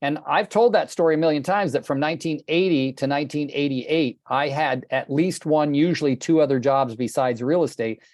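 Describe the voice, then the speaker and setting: A man's voice: a little high, normal speed, hardly any pauses, a little mellow, no room sound, studio quality. An older man coaching real estate agents on a group video call, telling stories bluntly and with passion, swearing casually.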